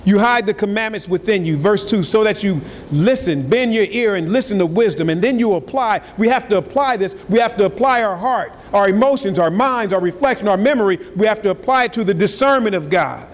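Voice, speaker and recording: A man preaching a sermon as pastor, energetic and swinging between loud and soft. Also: high-pitched, a little fast, few pauses. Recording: hall reverb with faint ambience.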